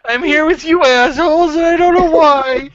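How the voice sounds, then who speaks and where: High-voiced laughing man on a lo-fi call. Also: normal speed, a bit bright. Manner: laughs often, self-mocking. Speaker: podcast co-host. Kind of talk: crude casual banter. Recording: lo-fi online call audio.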